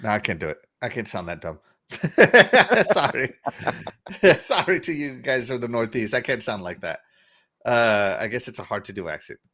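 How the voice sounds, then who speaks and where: A man's voice: medium pitch, big pitch swings, normal speed, sharp tone. A man hosting a casual livestream podcast, chatty and upbeat, laughing often as he greets viewers. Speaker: podcast host.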